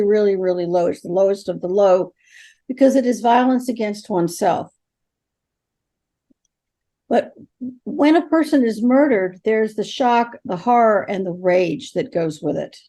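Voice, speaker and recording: A woman's voice: a little high, dark tone. An older woman, a guest in an interview, telling stories with animation and acting out the dialogue. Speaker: interview guest, ghost helper. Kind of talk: storytelling in an interview.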